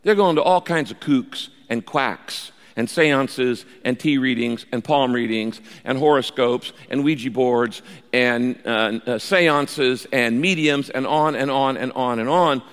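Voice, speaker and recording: A man preaching a sermon as a pastor, telling the story in a lively way and acting out the quoted speech. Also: mid-range voice, a little slow, in a large hall.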